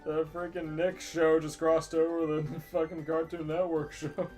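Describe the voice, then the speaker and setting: A man co-hosting a comedy podcast, reacting with slow, crude jokes and laughter. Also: on the high side, little pitch movement, darkish tone, faint music behind. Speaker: podcast co-host. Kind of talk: casual comedic chat.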